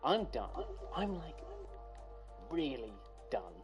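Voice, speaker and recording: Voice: mid-range voice, very animated, slow pace, over music. An actor voicing a scolding female dinosaur wife who is fed up with her husband. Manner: scornful, scolding. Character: nagging female raptor wife.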